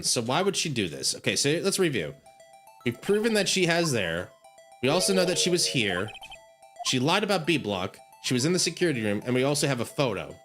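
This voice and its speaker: A man's voice: mid-range voice, fairly bright tone. A man streaming a courtroom game, thinking aloud in a rambling, casual way. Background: game music.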